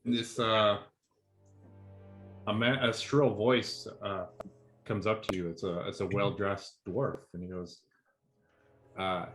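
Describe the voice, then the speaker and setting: Low-voiced guy running a tabletop game, kinda halting, lots of uhs. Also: fairly even intonation, a bit bright, soft background music. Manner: descriptive, with frequent fillers. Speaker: game master.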